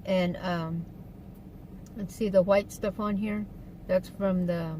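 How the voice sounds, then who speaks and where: A woman talks in a loose, rambling way, full of fillers, as she chats to viewers from inside her car. Her pitch sits mid-range. Behind her is a faint hum of car and street noise. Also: steady tone, slow pace, warm tone, low-quality recording. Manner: chatty, rambling, with fillers and asides. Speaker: vlogger. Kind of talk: casual eating-show chat.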